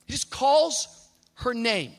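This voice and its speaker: A man preaching a sermon, moving from conversational asides to shouted, rising declarations, with jokes along the way. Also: very high-pitched, big pitch swings, slow. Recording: live hall reverb with faint music.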